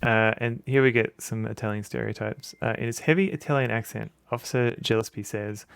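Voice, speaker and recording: A man's voice: lowish voice, normal speed, creaky, hardly any pauses, smooth, no room sound, clean studio sound. A man streaming a retro game, giving wry, chuckling commentary and reading the game text aloud.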